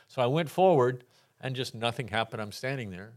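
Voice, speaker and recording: An older Texan podcast guest speaks fairly quickly in a mid-range voice as he tells his faith testimony. His delivery is lively, full of acted-out voices from his anecdotes and frequent laughs.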